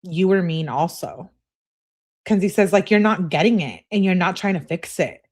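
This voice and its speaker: A woman's voice: on the low side, normal speed, a little mellow. A woman commentating on a true crime case, reading out text messages and reacting bluntly with sarcasm and swearing.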